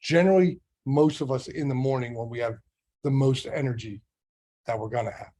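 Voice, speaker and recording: A man's voice: medium pitch, fairly quick, warm tone. Middle-aged man coaching with rhetorical questions. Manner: conversational, full of rhetorical questions. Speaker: real estate sales trainer. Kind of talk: motivational business training talk.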